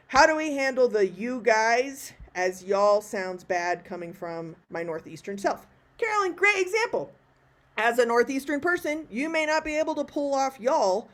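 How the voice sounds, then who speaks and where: A woman from Texas, chatting through an online Q&A in a self-deprecating way, full of quick asides, heard over a video call. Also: on the high side. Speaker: professional speaker answering audience questions. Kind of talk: live online Q&A talk.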